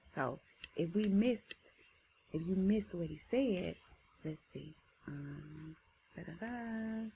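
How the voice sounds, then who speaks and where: A woman teacher reading a story aloud to students, with animated, slangy asides between soft read passages. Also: lowish voice, slow, vocal fry, pauses often, a little hiss or hum.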